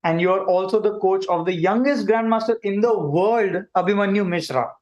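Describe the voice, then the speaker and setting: A man's voice: high voice, normal speed, dull audio, natural voice. A man playing a chatty alien host. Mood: cheerful. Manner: animated, chatty, addresses viewers directly. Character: friendly male alien visitor hosting a kids' stream. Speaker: livestream host. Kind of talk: playful kids' livestream hosting.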